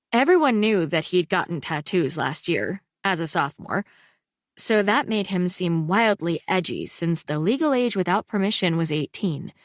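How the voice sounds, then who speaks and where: A woman narrating a first-person audiobook in an unhurried, expressive reading. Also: lowish voice, no echo, clean studio sound. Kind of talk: scripted narration.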